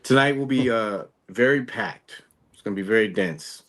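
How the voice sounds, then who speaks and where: A man hosting a casual podcast, relaxed and prone to repeating his phrases. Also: fairly low pitch, normal speed. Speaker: podcast host. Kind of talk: casual chat.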